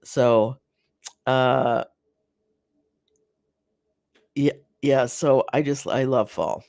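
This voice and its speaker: Slow, gravelly, rambling live-stream host. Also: mid-range voice, steady tone, darkish tone, dry recording, studio quality. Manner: rambling and halting, with many fillers and restarts; sympathetic toward viewers. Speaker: host of a live garden chat. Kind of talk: casual live-stream chat reading viewer comments.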